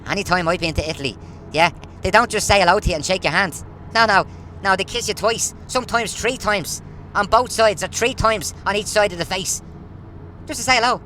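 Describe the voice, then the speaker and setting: A man's voice: high voice, a little fast, pushed and bright, slight background noise. A man, ranting in a casual monologue full of rhetorical questions. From Ireland. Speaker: vlogger.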